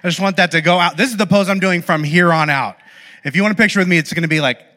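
A man with a high, sharp, bright voice delivers a lively, self-deprecating story sermon. He keeps breaking off to joke with the congregation. The sound carries a long reverb from a big church hall. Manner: animated, self-deprecating, fast asides to the audience. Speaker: pastor.

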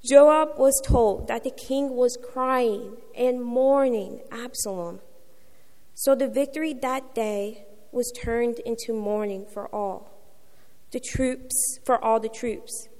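A woman reads scripture in a church sanctuary, slow and measured. Her voice is slightly high with a gravelly texture, and a long reverb trails each phrase. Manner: measured, expressive reading. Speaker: scripture reader. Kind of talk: scripture reading.

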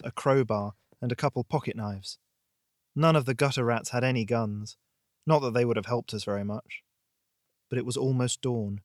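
A man hosting a fiction podcast, reading a tense horror story aloud in a dramatic, measured way. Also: mid-range voice, no echo. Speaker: podcast host and narrator. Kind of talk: scripted audiobook narration.

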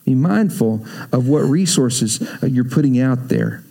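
A man's voice: mid-range voice, expressive, a little slow, creaky, mellow, husky. A middle-aged man, preaching a sermon as a pastor, telling stories with playful acted asides and sound effects.

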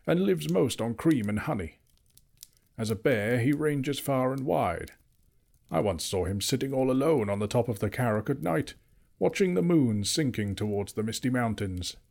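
A man reading aloud, voicing an old male wizard who lectures emphatically and turns cross easily. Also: mid-range voice.

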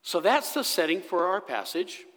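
A man preaching a sermon as pastor in a church, telling the story slowly and dramatically, dropping to a hush at key moments. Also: high-pitched, big pitch swings. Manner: slow, dramatic storytelling with sudden hushed drops. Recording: long echo of a church hall.

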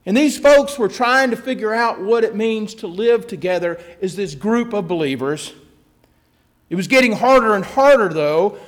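A man pastor giving a conversational sermon, telling a joke with self-deprecating asides. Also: very high-pitched.

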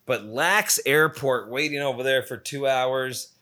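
A man's voice: mid-range voice, measured pace, pushed and bright. A man telling a rambling, profanity-filled travel story in a casual, exasperated way. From lives in Phoenix area. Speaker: storyteller recounting a trip.

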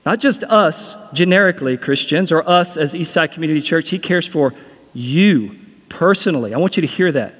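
A man's voice: a little high, lively intonation, normal speed, fairly bright tone, husky, long reverb tail. A man preaching a sermon as pastor, earnest and repeating key phrases for emphasis.

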